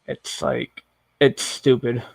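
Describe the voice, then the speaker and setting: A man's voice: mid-range voice, flat delivery, takes it slowly, vocal fry, darkish tone, no echo. A man co-hosting a casual sports talk show, laid back, mostly giving short agreeing replies. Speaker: podcast co-host.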